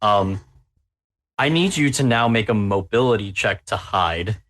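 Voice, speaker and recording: A man's voice: fairly low pitch, animated, a little slow, fairly bright tone. A man running a tabletop horror game as game master, narrating with obvious glee at the players' danger. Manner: gleeful, relishing the players' peril.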